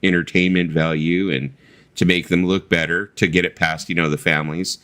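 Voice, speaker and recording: A man co-hosting a casual livestream chat, telling stories in a blunt, profane, animated way. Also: sits low, brisk. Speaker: co-host of a livestream.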